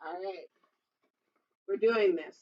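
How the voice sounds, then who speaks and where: A woman's voice: mid-range voice, slow, distant mic. A children's librarian, a woman, reading a picture book aloud at storytime and chatting playfully with the kids. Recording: dull lo-fi recording.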